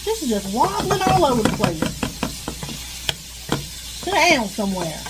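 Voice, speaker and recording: A woman's voice: high-pitched, sing-song, a little slow. A woman, rambling and venting in casual chat while she cooks at home. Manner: chatty, venting, rambling with sighs. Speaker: vlogger. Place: home kitchen. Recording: noisy kitchen with frying sizzle. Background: sizzling frying pan.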